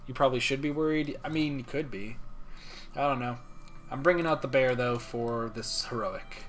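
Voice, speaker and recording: A man's voice: medium pitch, moderate pace, slight background noise. A man streaming a video game, talking to himself in playful, rambling chat. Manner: playful, rambling self-talk.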